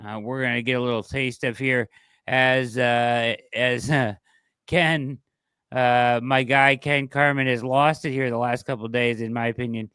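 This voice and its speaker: Man, podcast co-host, slow, smooth voice, dry close sound, halting. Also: medium pitch, fairly even intonation, pushed and bright, dry recording. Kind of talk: casual sports podcast talk.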